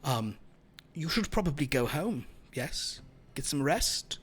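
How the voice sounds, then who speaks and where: A calm, predatory vampire, as a man puts it on in a tabletop game, hushed and silky. Its tone is gently solicitous while it quietly manipulates. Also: fairly high pitch, takes it slowly, husky, full character voice. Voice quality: hushed, soft-spoken.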